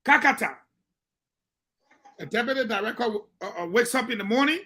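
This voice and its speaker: A man's voice: very high voice, lively intonation, normal speed, sharp tone. A man with a Liberian English accent giving emphatic commentary on a call-in radio show, repeating his points for weight.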